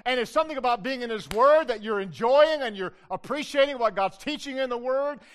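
Older preacher, high and bright. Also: male voice, lively intonation, brisk, clean tone. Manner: loud, emphatic preaching; addresses the congregation with questions. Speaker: pastor. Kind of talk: sermon.

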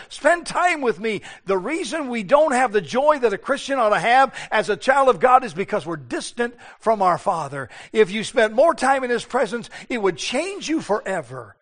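A man preaching a sermon, impassioned, moving between hushed tender passages and loud emphatic ones. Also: extremely high pitch. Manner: impassioned, shifting between hushed and loud, acts out biblical voices.

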